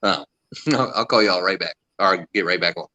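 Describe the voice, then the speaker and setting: Deep muttering man, sharp tone. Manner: muttering quickly to himself.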